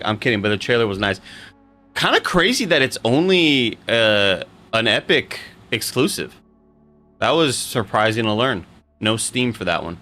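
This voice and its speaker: A man's voice: mid-range voice, expressive, moderate pace, pushed and bright, faint music behind. A young man streaming live, chatting casually with his audience in a rambling, joking way and swearing freely.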